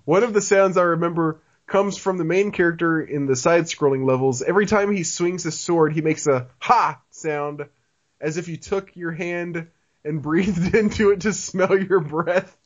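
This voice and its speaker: A man chats casually as a podcast host, restarting his sentences and laughing as he goes. His voice sits a little high. The recording sounds dull and lo-fi. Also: moderate pace. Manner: laughs often, repeats words when restarting. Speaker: podcast host reading listener email. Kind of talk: casual chat.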